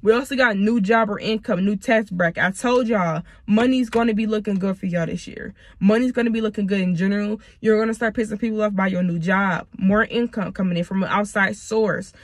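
Sick but still reading tarot, a Michigan woman in her twenties speaks casually and bluntly to "y'all," swearing freely. She talks fairly quickly in a mid-range voice with few pauses, and there's no room sound.

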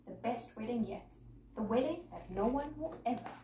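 A woman reading a rhyming picture book aloud with a lively, sing-song rhythm. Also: a little high, moderate pace. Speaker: storyteller. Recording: echoey room, mic far off, faint noise.

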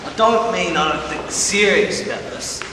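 A man's voice: high-pitched, normal speed, close to an everyday voice. A young man with a New Zealand accent playing an easygoing young soldier who talks in a laconic, matey drawl in a school stage play. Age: young adult. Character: easygoing young male soldier dreaming of fishing. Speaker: stage actor. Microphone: distant audience recorder. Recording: echoey hall from far off, faint hiss.

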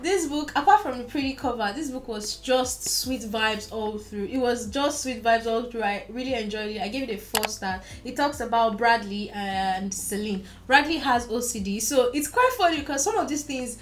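A woman's voice: fairly high pitch, normal speed, few pauses, slight background noise. A young woman chatting casually about books she has read, gushing and repeating words for emphasis. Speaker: book reviewer. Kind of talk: casual book review chat.

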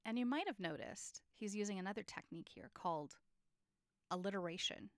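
A woman teaching a lesson on poetry structure, explaining clearly and reading poems aloud with feeling. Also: mid-range voice, a little fast, no room sound, clean studio sound.

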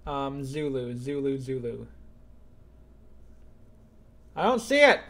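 A young man streaming live gameplay and chatting with viewers, excitable and suddenly louder when something happens. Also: mid-range voice, normal speed.

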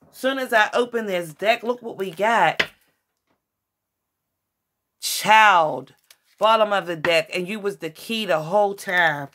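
Woman doing a tarot reading for her viewers, gets worked up, cusses a lot, bit of hiss in the background. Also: medium pitch. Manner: excitable, swears often, addresses viewers as y'all. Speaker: tarot reader.

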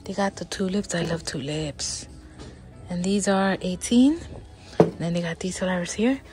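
A woman vlogging while she shops, slow and excitable, often dropping to a whisper, with faint store music behind her. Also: medium pitch. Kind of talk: casual shopping vlog. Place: inside a large store.

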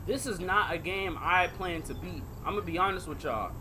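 A man's voice: high voice, fairly quick, noisy background. A man doing horror game commentary as a gaming video creator, jumpy and talking to viewers, yelping and swearing at the scares.

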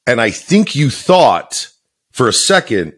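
A man's voice: mid-range voice, very animated, slow, a bit bright, breathy edge. A man, a voice actor co-hosting a podcast, chatting casually, bluntly and jokingly, swearing freely.

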